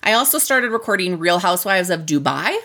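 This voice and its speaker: A woman's voice: lowish voice, lively intonation, fairly quick, sharp tone. A woman co-hosting a podcast, recapping a show in casual chat, candid and swearing freely. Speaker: podcast co-host.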